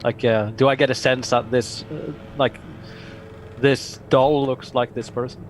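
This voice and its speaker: A man's voice: medium pitch, fairly even intonation, a little slow, soft background music. A man describing his character's actions casually during a tabletop game. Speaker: player.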